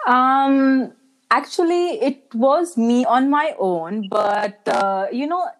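A woman's voice: high voice, animated, slow pace. A young woman, a brand manager chatting as a guest on a podcast, laughing often and saying "you know" a lot. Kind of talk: casual podcast interview.

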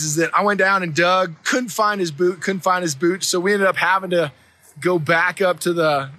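Upbeat guy in his 40s doing his daily motivational vlog, highish voice, bright tone. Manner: upbeat storytelling with catchphrases. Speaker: host of a daily motivational video. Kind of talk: casual motivational vlog talk. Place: outdoors at a ski resort.

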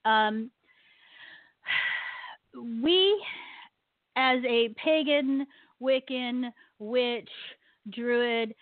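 A woman's voice: on the high side, drawn-out words, long pauses, no echo. A woman hosting a talk radio show, ranting animatedly about her pet peeves and laughing often. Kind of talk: casual radio talk with a guest. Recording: tinny phone-line sound, dry.

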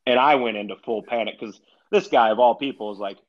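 A man's voice: medium pitch, fairly quick, muffled recording. A middle-aged man, a retired golfer as podcast guest, telling stories in a chatty, laid-back way and laughing along. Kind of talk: casual podcast storytelling.

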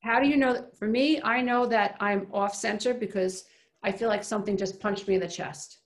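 A woman's voice: medium pitch, fairly even intonation, normal speed. A woman giving a motivational self-help talk, emphatic and repetitive, often asking rhetorical questions. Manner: emphatic, repeats phrases, asks rhetorical questions.

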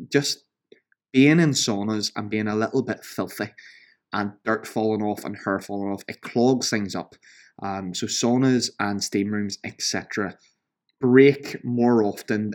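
A man in his thirties hosting a casual solo podcast, chatting with lots of ums and sarcastically picking apart gym reviews. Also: lowish voice. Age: 30s. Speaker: podcast host, fitness trainer.

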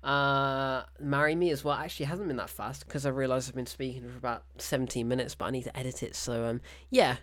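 A man's voice: mid-range voice, fairly even intonation, fast talker, hardly any pauses, a bit bright. Exasperated man ranting about a film. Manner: exasperated, sarcastic ranting with frequent cut-off swearing. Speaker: film reviewer, show host. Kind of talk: ranting solo film review.

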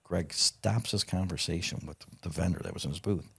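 Deep gravelly middle-aged guy swearing his way through a story, kinda husky. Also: a little fast. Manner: profane, animated anecdote teller. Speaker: guest. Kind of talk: casual storytelling.

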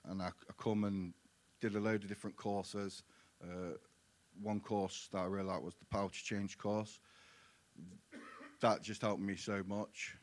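A man giving his personal testimony in church, earnest and halting. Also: fairly low pitch, little pitch movement. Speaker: guest sharing his testimony. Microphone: handheld mic.

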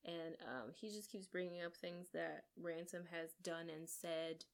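A woman co-hosting a podcast, eagerly retelling a film plot in casual chat with quick asides. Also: on the low side, fairly even intonation, creaky. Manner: enthusiastic, gushing storyteller with quick asides. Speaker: podcast co-host. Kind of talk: casual movie recap.

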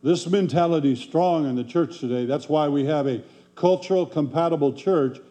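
A man's voice: fairly high pitch, dark tone. A man preaching a sermon in a folksy, conversational way, full of rhetorical questions to the congregation. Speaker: pastor.

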